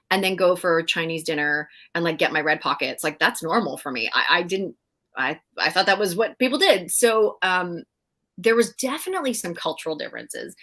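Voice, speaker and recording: A middle-aged woman, a guest in a casual interview, telling animated stories with frequent laughs and fillers. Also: deep voice. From Canada. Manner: animated storyteller, laughs often, many fillers. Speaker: guest actress.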